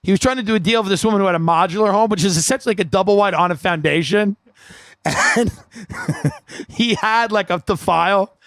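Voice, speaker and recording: A man telling a comedic story, animated and profane, acting out the people in it with bursts of shouting. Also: high voice, brisk, no room sound.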